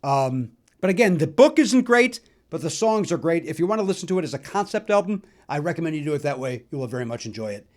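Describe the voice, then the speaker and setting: A middle-aged man from the Chicago area hosting a solo podcast, telling stories in a chatty, animated way with lots of fillers. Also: on the high side, fast. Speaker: podcast host. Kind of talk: solo musical nostalgia talk.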